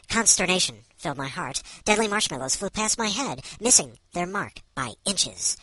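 A man voicing a small figure called the Midget, reading a dramatic short story in a deadpan way. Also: a little high, dry recording, pitched above the performer's own voice, rough recording.

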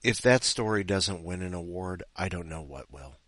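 A man's voice: low-pitched, animated, moderate pace, fairly bright tone, a little hiss or hum. A man hosting a comedic podcast, rambling and self-mocking as he reads listener stories. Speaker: podcast host. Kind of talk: comedic podcast chat and story reading.

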